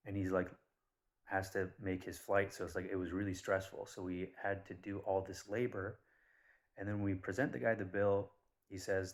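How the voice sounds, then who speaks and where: Deep-voiced guy ranting loosely to camera, blunt and sweary. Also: moderate pace. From Persian background. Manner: blunt, swears, animated retellings. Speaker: vlogger. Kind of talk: casual rambling monologue.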